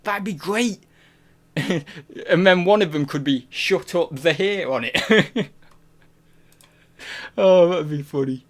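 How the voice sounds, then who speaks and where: A man's voice: on the high side, takes it slowly, long pauses. Chatty man on a live stream. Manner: rambling, giggly, many restarts and fillers. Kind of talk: casual live-stream chat.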